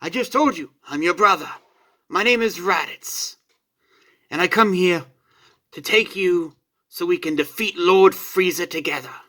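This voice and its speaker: A man's voice: high-pitched, measured pace, sharp tone, pitched above the performer's own voice, exaggerated voice. Raditz, a man doing a boastful alien warrior brother. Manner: boastful, condescending, theatrical. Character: arrogant male alien warrior, proud elder brother.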